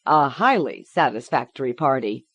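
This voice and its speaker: A woman's voice: extremely low pitch, sing-song, normal speed, fairly bright tone, slightly rough, no room sound, muffled recording, full character voice. A woman voicing an anxious, self-absorbed mother who speaks with forced sweetness. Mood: fretful, sweet. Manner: fretful, then falsely sweet.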